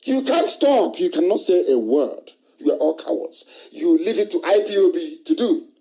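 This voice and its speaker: A middle-aged man holds forth in a live radio broadcast, his voice set a touch high yet dark and mellow in tone. He drives every point home with emphatic repetition and pointed rhetorical questions. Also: sing-song, moderate pace, poor audio. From Nigeria. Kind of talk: impassioned live radio monologue.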